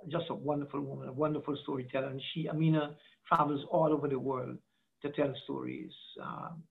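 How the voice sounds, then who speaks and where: A man's voice: mid-range voice, fairly quick, gravelly. A man who is an artistic director, talking as an interview guest, rambling and searching for his words as he trails off. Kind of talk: conversational interview. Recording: tinny video-call audio.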